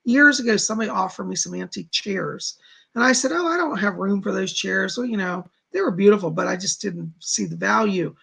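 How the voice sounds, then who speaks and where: A man's voice: high voice, a little fast, gravelly, a bit bright, husky. A middle-aged man hosting a psychic live stream from home, chatting casually and reading out viewer comments. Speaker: psychic livestream host.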